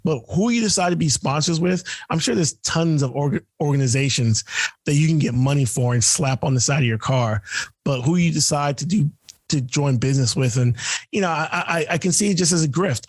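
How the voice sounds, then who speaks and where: A man's voice: fairly high pitch, brisk, dry recording, clean studio sound. A man co-hosting a podcast, telling stories in a loose, profane, casual way, full of fillers and laughs. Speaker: podcast co-host. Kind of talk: casual chat.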